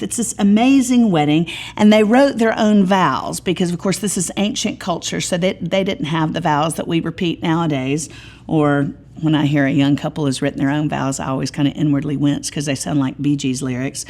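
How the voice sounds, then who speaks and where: Lady bible teacher, kinda low voice, chatty and lively, does little voices for quotes. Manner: animated, folksy, acts out voices when quoting.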